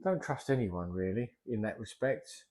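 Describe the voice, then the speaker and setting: Chatty middle-aged plasterer. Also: male voice, fairly low pitch, expressive, normal speed, a little mellow. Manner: chatty and rambling, drifts off topic. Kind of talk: casual vlog talk while working.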